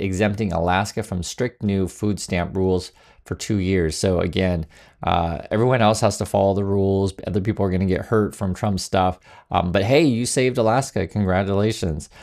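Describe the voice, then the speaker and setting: A man's voice: fairly low pitch, a little mellow. A man hosting casual political commentary, sarcastic, with many fillers and restarts.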